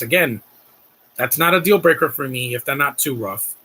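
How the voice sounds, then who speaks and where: A man's voice: mid-range voice, normal speed, sharp tone, breathy edge. A man doing casual live-stream commentary on a film, gushing and rambling as he talks to his chat.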